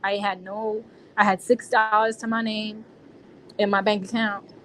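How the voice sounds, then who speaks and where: A woman's voice: medium pitch, flat delivery, unhurried, fairly bright tone, a little hiss or hum, poor audio. A woman being interviewed, recounting a personal experience in casual, slangy speech with frequent restarts.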